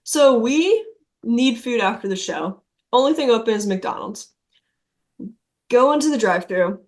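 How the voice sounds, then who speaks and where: A young woman musician in a relaxed podcast chat, her voice sitting high and her pace slow and easy. She tells tour stories casually, laughing often and swearing freely. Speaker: touring musician guest.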